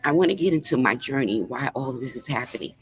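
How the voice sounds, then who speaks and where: A woman's voice: rumbling low, animated, quick pace, slight background noise, poor audio. Emotional grandmother talking to her viewers. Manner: earnest, emotional, talks straight to the chat. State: voice trembles with emotion. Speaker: livestream host. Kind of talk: casual livestream chat to viewers. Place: fast-food restaurant.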